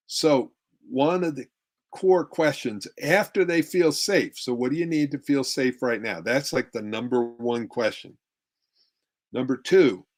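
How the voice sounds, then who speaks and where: A middle-aged man giving a relationship workshop talk with slides, acting out tones of voice to make his points. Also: mid-range voice. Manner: demonstrative, acts out tones of voice. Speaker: relationship coach.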